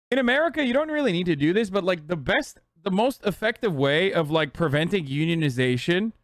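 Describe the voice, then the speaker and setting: A man's voice: a little high, fairly bright tone, no room sound. Give me a man ranting on stream, fired up and swearing, recorded close and dry. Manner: heated, profane, mocking.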